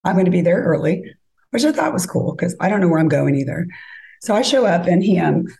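A woman's voice: on the low side, fairly quick, gravelly, low-quality recording. A woman casually telling a dating story as a podcast guest, acting out the lines of others. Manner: animated, acts out quoted lines.

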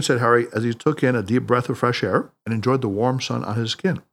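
A man narrating an audiobook in a scripted, expressive storytelling way. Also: mid-range voice, a little fast, few pauses.

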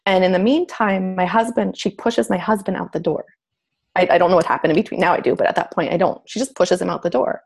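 A woman's voice: on the low side, quick pace, gravelly, hardly any pauses, darkish tone, breathy edge. A middle-aged woman telling a personal story candidly and reflectively as a podcast guest, acting out remembered voices.

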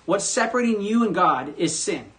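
Man, pastor delivering a sermon, slightly higher voice, lively delivery with sudden loud bursts when he acts out quotes. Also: normal speed.

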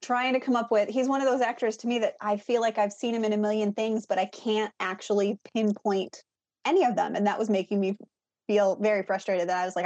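A woman's voice: mid-range voice, steady tone, fairly quick, a little mellow. A woman co-hosting a podcast, talking casually and inquisitively about a film. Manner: inquisitive, talkative. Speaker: podcast co-host. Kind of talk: casual movie review chat.

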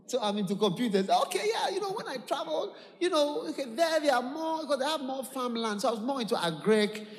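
A man's voice: extremely high pitch, big pitch swings, fairly quick, in a large hall, pitched above the performer's own voice, exaggerated voice. A man playing an evasive young man back home from abroad, boasting with rambling, stammering excuses. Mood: boastful.

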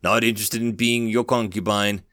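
A man's voice: on the low side, steady tone, moderate pace, sharp tone, dry recording, clean studio sound. A man voicing a wry, defiant young human man who speaks sarcastically and icily. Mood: sardonic. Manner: sarcastic and icy.

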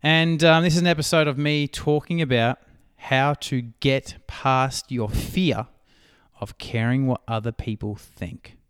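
A man's voice: mid-range voice, steady tone, a little slow, clear, resonant tone. An Australian man hosting his own podcast, chatting loosely with fillers and a self-mocking tone. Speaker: podcast host and business coach. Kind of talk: casual podcast chat.

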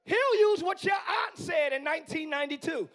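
In a church sanctuary, a man in his forties delivers a live sermon in a strikingly high, hoarse voice at normal speed. Animated, he swings between hushed, thoughtful asides and loud, yelled exhortation, working the congregation like a pastor.

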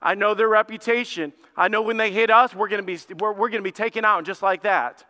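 A man doing an anxious ancient king pressing for a deal, told casually within a sermon. The voice is bright and smooth. A long echo fills the church hall. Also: high voice, fairly even intonation, quick pace, voice pushed up. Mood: pushy.

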